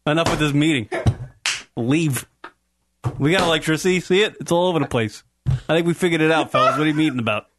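A man's voice: fairly high pitch, fast talker, long pauses, fairly bright tone, slight background noise. A young man co-hosting a casual, crude comedy talk show, rambling into brash, swearing rants. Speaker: co-host.

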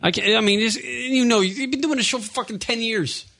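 A man's voice: very high-pitched, brisk, vocal fry, sharp tone. A man co-hosting a radio show, in profane, teasing casual banter.

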